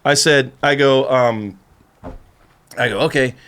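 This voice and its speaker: On a podcast, a skateboarding guest with a fairly high, fairly quick voice spins a story in relaxed conversation. He does the characters' voices himself and keeps laughing as he goes.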